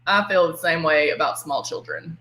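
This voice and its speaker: A woman's voice: sits low, expressive, normal speed, sharp tone, echoey room, poor audio. A woman, presenting a casual live makeup demo from home, chatty and giggly, greeting viewers by name. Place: home room.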